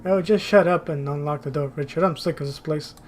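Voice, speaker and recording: A man reading the lines of a weary, bitter young woman survivor aloud from a game in a quiet, flat, tired voice. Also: fairly high pitch, fairly quick, faint music behind, lightly acted. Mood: irritated.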